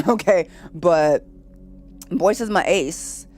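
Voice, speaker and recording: A bubbly woman chats with her live-stream viewers in a lowish voice, laughing often. She jumps from loud excited greetings to quiet murmured asides. Faint game music plays underneath. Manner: bubbly, giggly, quick to laugh. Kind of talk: casual live-stream chat reading viewer messages.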